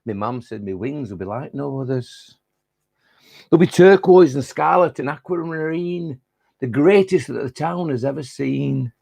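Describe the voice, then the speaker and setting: Brief: man voicing a boastful Lancashire butterfly, chatty, gravelly. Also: mid-range voice, expressive, measured pace, darkish tone, dry recording, voice pushed up, exaggerated voice. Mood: cheeky proud. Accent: Lancashire, put on. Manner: chatty and boastful, broad northern dialect words. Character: cheeky boastful male caterpillar-turned-butterfly. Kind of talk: reciting a comic poem in character.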